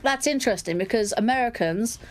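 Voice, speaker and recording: A woman's voice: a little high, lively intonation, brisk. An English woman speaks in a slightly raised voice, her accent a blend of London and standard Southern English. She rambles cheerfully through casual chat over gameplay, working out her thoughts as she goes. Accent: London English mixed with standard Southern English. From England. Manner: rambling, thinking aloud, chatty.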